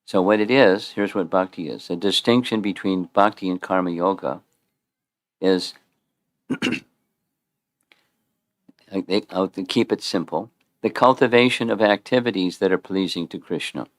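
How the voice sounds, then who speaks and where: Man teaching a temple class, very low voice, dry close sound, chatty, quizzes listeners. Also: unhurried, pauses often, no room sound. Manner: conversational, quizzes the audience, repeats and restarts. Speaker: spiritual teacher giving a class. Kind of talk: informal scripture class.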